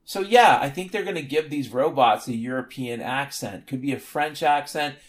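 A man's voice: mid-range voice, normal speed. A man hosting a solo podcast, talking in a rambling, sardonic and profane way. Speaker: podcast host.

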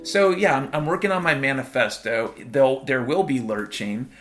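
A man's voice: medium pitch, moderate pace. Rambling man over piano music. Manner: playful, wordplay and repetition, swears freely. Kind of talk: rambling monologue. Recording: piano music playing behind.

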